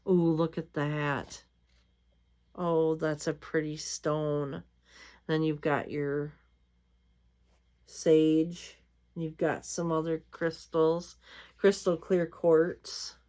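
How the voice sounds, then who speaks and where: A woman's voice: low voice, flat delivery, very slow, pauses often, dark tone. A tired woman chatting casually as a vlog host, rambling with many fillers. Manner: reads out magazine lines. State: tired, yawning. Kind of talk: casual chat.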